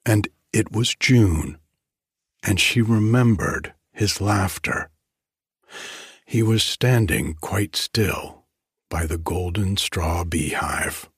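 A man reads a novel aloud in a deep, slow voice so breathy it nears a whisper. He keeps the delivery hushed and intimate throughout. The recording is dry and close, with no room sound. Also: no room sound. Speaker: narrator. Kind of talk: audiobook reading.

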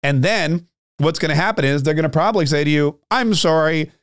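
A man's voice: fairly high pitch, fast, no echo, clean studio sound. A man hosting a podcast, delivering a ranting, sarcastic political commentary monologue. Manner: ranting, sarcastic, repeats words.

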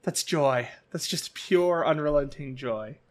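A man co-hosting a podcast, reacting to comics with excitable, gushing fan enthusiasm. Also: on the high side, a little slow. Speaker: podcast co-host. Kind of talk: casual fan chat.

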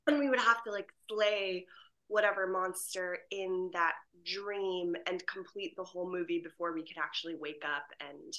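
A woman actress on an interview, chatting casually over a video call and laughing often while telling animated stories. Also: lowish voice, moderate pace. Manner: giggly, animated storytelling.

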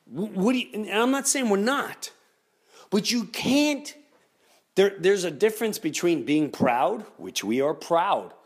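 A man's voice: high voice, lively intonation, measured pace, husky. A middle-aged man hosting a podcast, ranting comedically and mimicking other people in raised voices. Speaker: podcast host. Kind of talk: animated comedic rant.

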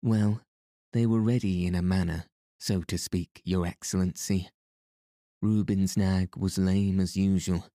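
A man reading the part of an elderly grimy trader who lisps and talks in a rasping, fawning way. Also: deep voice, steady tone, a little slow, dark tone, dry recording, studio quality. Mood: wheedling. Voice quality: lisp. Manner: rasping, obsequious. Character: elderly grimy male trader, humble and wheedling.

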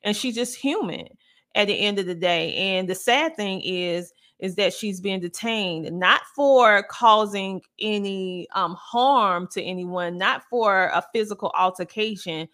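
Loud, animated woman podcast host. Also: medium pitch, unhurried. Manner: reads out and answers viewer comments. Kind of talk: casual commentary podcast.

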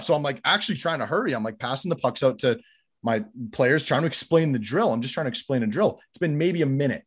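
A man telling a long story in casual podcast chat, getting loud and sweary as he relives his anger. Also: mid-range voice, fast talker, husky. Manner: animated, swears freely, gets louder recounting anger.

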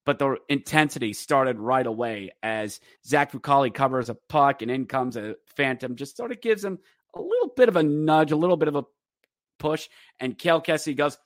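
A man hosting a podcast, rambling casually with fillers through a game recap and slipping into excited play-by-play. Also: mid-range voice, moderate pace, no echo, studio quality. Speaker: podcast host.

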